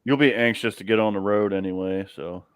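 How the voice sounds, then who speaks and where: A man's voice: on the low side, fairly even intonation, brisk, clean tone, no echo, clean studio sound. A man hosting a live chat from his garage, easygoing, chuckling often and trailing off mid-sentence. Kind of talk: casual chat.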